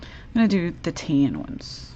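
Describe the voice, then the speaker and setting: A woman's voice: fairly low pitch, wildly swooping pitch, moderate pace, dark tone, dull audio, a little hiss or hum. A woman hosting a live crafting demonstration, chatty and upbeat, talking viewers through each step at her craft desk.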